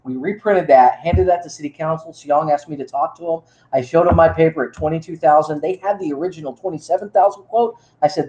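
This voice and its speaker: A man's voice: a little high, brisk, hardly any pauses, a little mellow, muffled recording. A man with a Texan accent, a YouTuber chatting to viewers in a rambling, enthusiastic way from an indoor gift shop. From Texas. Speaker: YouTuber and museum worker. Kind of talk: casual chat to viewers. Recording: echoey room.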